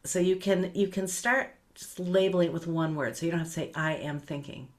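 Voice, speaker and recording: Gentle, low-voiced meditation teacher, a woman. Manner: gentle, unhurried, with soft repetitions and trailing quiet phrases.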